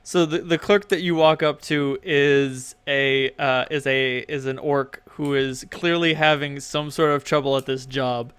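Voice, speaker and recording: A man's voice: mid-range voice, fairly even intonation, a little slow, few pauses, a bit bright, clear, resonant tone, dry recording. A man narrating as game master in a casual, joking manner, often stumbling over his words.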